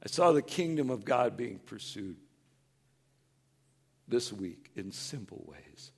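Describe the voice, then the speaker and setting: A man preaching a sermon as a pastor, earnest and conversational. He acts out people's words in a higher, louder tone and goes soft on tender points. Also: takes it slowly, vocal fry, husky. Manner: animated, acts out quoted voices in a higher, louder tone.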